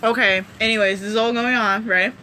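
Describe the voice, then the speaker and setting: A woman vlogger recaps a show in a rambling, animated way, packed with asides. Her high, bright voice moves a little fast, with a faint hiss of noise in the background.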